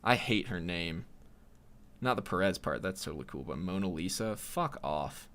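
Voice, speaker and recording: Low-voiced guy on his solo podcast, swears a lot, rambles, voice goes up and down a lot. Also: animated, moderate pace, a bit bright. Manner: profane, rambling, sardonic. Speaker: podcast host.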